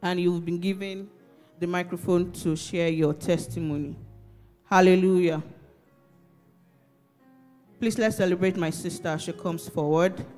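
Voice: mid-range voice, steady tone, unhurried, pauses often, a little mellow. A church service host with a Nigerian accent, encouragingly inviting people forward for testimony time. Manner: encouraging, leads the congregation. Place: church hall. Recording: echoey church hall with music.

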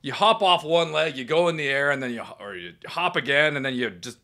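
A man co-hosting a casual comedy chat show, cracking deadpan jokes. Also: on the high side, a little fast. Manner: deadpan, wisecracking. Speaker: co-host.

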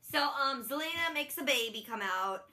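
Young woman, bright forceful tone, fairly high pitch, chatty recap, playful impressions. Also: lively intonation, moderate pace. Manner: chatty, playful, mimics characters in silly voices. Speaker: vlogger. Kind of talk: casual TV recap chat.

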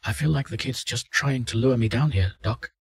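A man's voice: mid-range voice, normal speed, slightly rough, pitched above the performer's own voice. A man voicing a frightened male test subject who sounds nervous and reluctant. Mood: uneasy.

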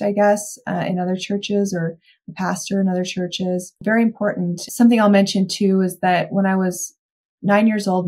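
A young adult woman talks through her past as an interview guest, candid and reflective. Her voice sits a little low and carries a husky, breathy edge. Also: mellow. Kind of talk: personal account in a podcast interview.

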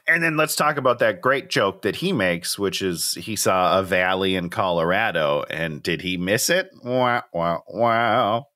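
A man's voice: sits low, expressive, moderate pace, few pauses, pushed and bright. A man from the Midwest co-hosting a casual podcast, talking emphatically and swearing for effect. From American Midwest. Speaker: podcast co-host. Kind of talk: casual chat.

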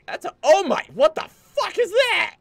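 A man's voice: extremely high pitch, sing-song, a little slow, creaky, no room sound. A man giving casual, sarcastic commentary while he plays a game, swearing and breaking into goofy exclamations. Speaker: game streamer.

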